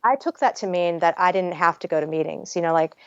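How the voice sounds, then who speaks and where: Low-voiced woman telling her story frankly. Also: quick pace, smooth, dry recording. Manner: frank, chatty, peppered with "like" and swearing. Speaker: guest author. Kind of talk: candid personal storytelling in a podcast interview. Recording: dry, slightly dull audio.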